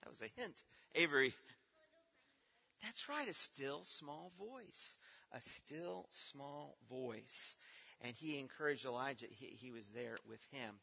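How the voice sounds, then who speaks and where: A man's voice: medium pitch, animated, measured pace, creaky, pushed and bright, husky. A man leading a children's Bible program in a church hall, quizzing the kids and praising their answers. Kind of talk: teaching children in a church assembly. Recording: reverberant hall, dull lo-fi sound.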